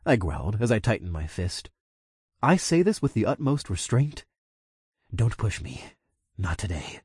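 Lively, expressive male story narrator. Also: fairly low pitch, unhurried, pauses often, slightly rough, no room sound, clean studio sound. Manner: expressive, voices every character. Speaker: audiobook narrator. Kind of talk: first-person story narration.

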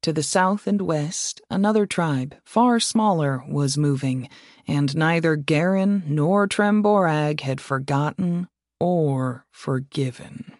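A man reading fantasy fiction aloud as an audiobook narrator, in a measured, steady way. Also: fairly high pitch, dry recording, studio quality.

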